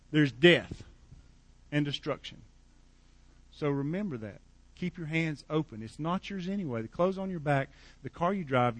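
A man's voice: fairly high pitch, dry recording. Joking male pastor, dry sound. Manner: conversational, joking preaching with repeated "okay?". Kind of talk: sermon. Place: church.

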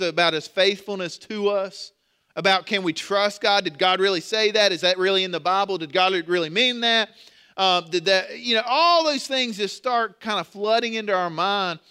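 A man's voice: high voice, bright, forceful tone, clean tone. A man preaching a sermon in a conversational way, repeating words and asking the congregation rhetorical questions. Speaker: pastor.

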